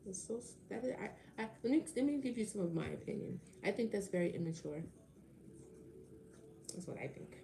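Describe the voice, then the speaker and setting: Sarcastic woman with a gravelly voice. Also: mid-range voice, lively intonation, fairly quick, warm tone, slight background noise. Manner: sarcastic, talks back to chat commenters; swears casually. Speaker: tarot reader answering a live chat. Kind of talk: casual livestream chat.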